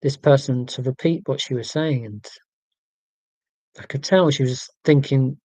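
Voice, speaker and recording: Forties male livestream host, warm and relaxed, casual meandering chat with viewers, wry asides. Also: medium pitch, measured pace, no echo. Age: 40s. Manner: rambling, wry and self-mocking, with many fillers and restarts.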